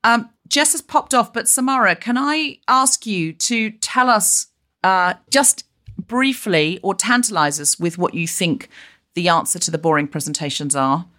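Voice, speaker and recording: Brief: middle-aged woman host, brisk and fluent. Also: mid-range voice. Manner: brisk, warmly wraps up, plugs the guest's book. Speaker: podcast host. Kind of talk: casual remote podcast chat.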